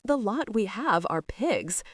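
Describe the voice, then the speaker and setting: A woman's voice: mid-range voice, big pitch swings, slow pace, slightly rough, dry recording, full character voice. A woman voicing a brazen, sly young serving woman who speaks dismissively.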